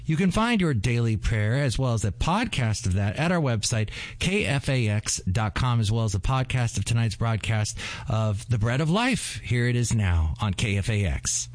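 A man's voice: mid-range voice, animated, moderate pace, no room sound. A man announcing on a radio ministry program in a friendly, conversational way.

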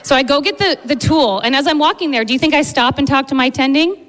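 A woman who works as an emergency medicine doctor tells a funny story, animated and laughing through it. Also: sits high, fast, big-room sound. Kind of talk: live storytelling.

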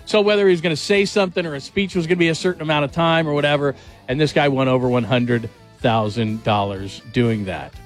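A man hosting a sports talk radio show, energetic and rambling. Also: fairly high pitch, brisk, faint music behind.

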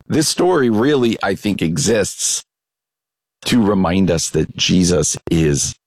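A man preaching a devotional message in a very low, gravelly voice. He talks it through conversationally and restarts his sentences as he thinks. The sound is dry and close. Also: a little mellow, no room sound, rough recording. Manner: conversational, reads a devotional then reflects aloud with restarts. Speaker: pastor. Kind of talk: devotional sermon.

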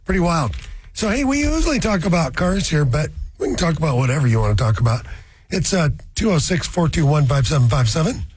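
A man's voice: a little high, sing-song, fairly quick, slightly rough. A man hosting a car radio show, rambling through folksy asides in a casual chat.

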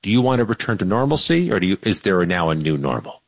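A man giving measured, wry political analysis as a weekly radio guest. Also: low voice, very animated, no echo.

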